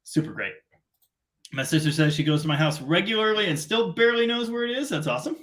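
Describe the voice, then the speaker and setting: A man's voice: high voice, big pitch swings, fast, a bit bright. A middle-aged man from Canada hosting a casual live stream, rambling and self-deprecating in long run-on sentences.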